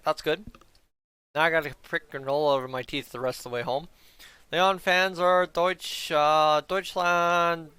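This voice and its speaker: A man hosts a casual live stream for hockey fans, rambling to his chat and tripping over hard names. His voice is bright and crisp, a little high for a man. He talks into a headset mic, close and dry. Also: no echo. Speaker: fan streamer reacting to a hockey game. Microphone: headset mic he flips up to mute.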